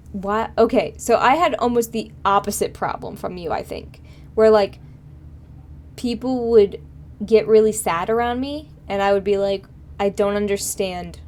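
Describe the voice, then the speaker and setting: This is a young woman on a live stream, loosely chatting with viewers in a rambling, filler-packed way punctuated by frequent laughs. Her voice sits in the mid-range, and there's slight background noise.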